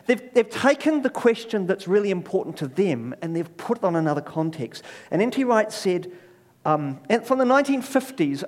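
Animated New preacher, middle-aged man. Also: a little high. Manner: animated storyteller with wry self-deprecating asides. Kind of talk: sermon.

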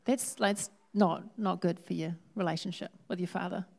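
A woman who preaches a sermon in a lively, humorous, conversational way. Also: lowish voice, moderate pace, vocal fry.

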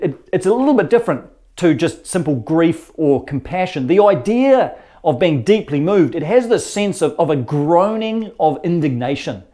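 A man delivering a sermon in an earnest, conversational way, often repeating words mid-thought. His voice sits a little high yet sounds mellow and soft-edged. He tells the story like he is chatting with his congregation. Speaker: pastor.

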